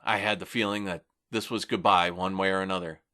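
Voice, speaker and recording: A man reading a first-person audiobook narration in an earnest, steady way. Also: deep voice, brisk.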